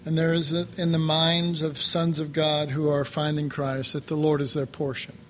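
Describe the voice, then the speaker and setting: A man preaching a sermon slowly and reflectively, pausing often and restarting his phrases. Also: a little high, flat delivery, a bit bright, a little hiss or hum. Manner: slow, halting, reflective, with many pauses and fillers.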